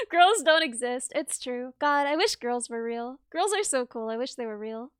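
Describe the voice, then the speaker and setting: Woman, streamer, casual chat, giggly, bubbly, very high-pitched, dry sound. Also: very animated, measured pace, fairly bright tone, smooth, no echo. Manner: giggly, bubbly, self-deprecating.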